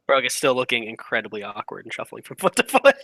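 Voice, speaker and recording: A man playing a tabletop game, describing what his character does in hesitant, loose sentences. His voice is bright and sounds close and dry. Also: mid-range voice, big pitch swings, fast talker, creaky, no room sound, rough recording. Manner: hesitant, laughing often. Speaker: player.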